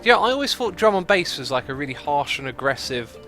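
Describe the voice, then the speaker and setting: A man's voice: fairly high pitch, big pitch swings, brisk, pushed and bright, faint music behind. A man hosting a gaming livestream, chatting casually, laughing often and reading out donations and chat messages. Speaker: streamer host.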